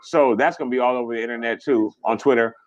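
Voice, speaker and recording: A man hosting a casual livestream, chatting fast and rambling, swearing freely as he reads viewer comments. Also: medium pitch, steady tone, no room sound, lo-fi sound. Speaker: livestream host.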